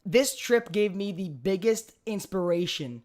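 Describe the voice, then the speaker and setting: A young man with a Brooklyn accent, hosting a podcast and telling a party story with lots of swearing and animated storytelling. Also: high voice, measured pace. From Brooklyn, New York. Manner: animated storytelling, profane, acts out quoted voices. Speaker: podcast host. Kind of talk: casual chat.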